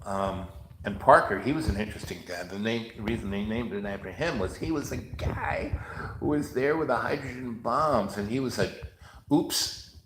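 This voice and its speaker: A man's voice: on the low side, moderate pace, fairly bright tone, roomy sound, slight background noise, poor audio. A man hosting a rambling, chatty monologue and telling stories. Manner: chatty, storytelling, mimics others in raised voice. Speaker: host.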